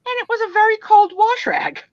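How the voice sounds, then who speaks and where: A woman's voice: very high-pitched, brisk, no echo, dull audio. A woman on a casual live chat, telling funny personal stories and acting out the voices in them. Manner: animated, self-deprecating, acts out voices in her stories. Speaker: guest on a live vintage photo sale stream.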